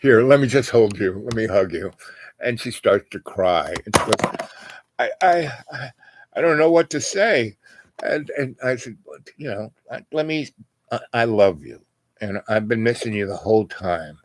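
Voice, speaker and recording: A man's voice: fairly low pitch, expressive, normal speed, slight background noise. An older man telling a long personal story in casual chat, meandering with lots of "you know" and restarts, and acting out other people's voices. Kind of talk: rambling personal anecdote.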